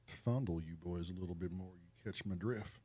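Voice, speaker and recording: A man's voice: low voice, normal speed, warm tone, breathy edge. A man co-hosting a live jam stream, bantering casually with crude, playful jokes. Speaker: musician co-host.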